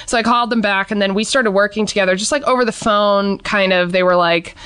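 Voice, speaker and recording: Young woman, smooth dry voice, animated storyteller who jumps up in pitch for quotes. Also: fast, dry recording. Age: young adult. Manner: animated, acts out quotes in a higher voice. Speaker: guest. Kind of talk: casual storytelling.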